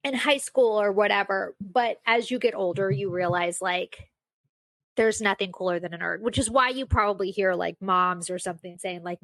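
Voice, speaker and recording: A woman's voice: mid-range voice, fairly bright tone, no room sound. A young woman hosting a casual solo podcast, telling a self-mocking story with lots of fillers. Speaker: podcast host.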